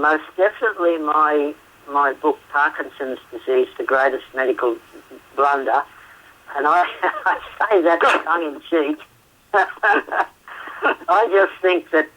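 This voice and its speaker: A man from Australia with an Australian accent, talking as a guest therapist in a phone interview, chatty, laughing often and filling pauses with "uh" and "um". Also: on the high side, sharp tone. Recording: radio show phone line.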